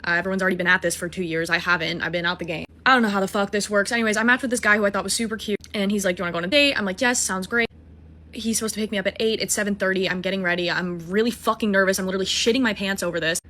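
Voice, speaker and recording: Rapid, animated woman in her twenties. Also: medium pitch. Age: 20s. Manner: animated, self-mocking, acts out dialogue. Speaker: musical theater student. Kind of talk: casual storytelling with swearing.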